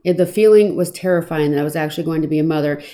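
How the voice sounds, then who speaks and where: A woman recounting her own past in an earnest, reflective personal testimony, pausing now and then with small fillers. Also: deep voice, warm tone. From Arizona, US.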